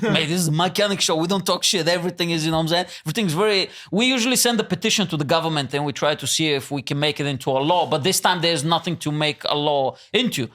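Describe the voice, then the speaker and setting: A man's voice: a little high, fast talker, few pauses, a bit bright. A man hosting a comedy podcast, laughing often and teasing his guest in casual chat.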